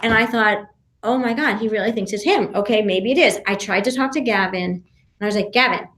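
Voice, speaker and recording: A woman guest on a podcast, telling a story in an animated way, with many restarts and acted-out quotes. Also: mid-range voice, echoey room. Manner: talks fast with many restarts and fillers, acts out quotes. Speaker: podcast guest, reality show contestant.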